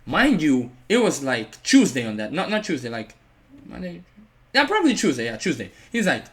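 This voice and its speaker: A man speaking at normal speed in a mid-range voice relays a personal anecdote, storytime-vlog style. The telling is lively and heavy on "like," and he imitates others when quoting them.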